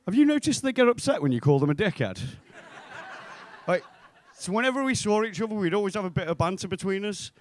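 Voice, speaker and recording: A young comic from the North West of England works a club crowd with deadpan punchlines, imitating the people he talks about. He has a high-pitched voice and a quick pace, with slight background noise.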